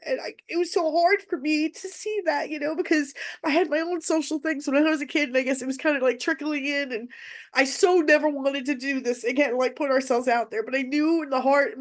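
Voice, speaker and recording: Candid woman telling a personal story. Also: high-pitched. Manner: candid, conversational, often restarts phrases. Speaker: mother sharing parenting advice.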